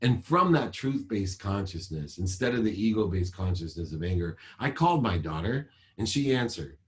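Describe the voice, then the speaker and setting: A man in his forties giving a motivational talk over a video call, measured and emphatic, ticking through points like a list. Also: deep voice, lively intonation. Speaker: motivational speaker.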